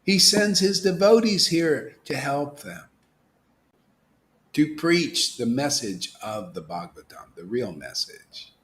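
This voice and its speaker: A spiritual teacher with a mid-range voice gives an informal devotional sermon at a slow pace. Animated and preachy, he asks rhetorical questions, swings from hushed whispers to loud exclamations, and laughs at his own jokes.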